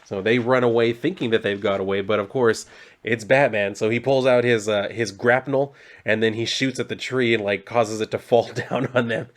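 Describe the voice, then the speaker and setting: A man's voice: mid-range voice, fairly even intonation, normal speed. A man casually recapping a comic book story, rambling loosely with lots of fillers and some mild swearing.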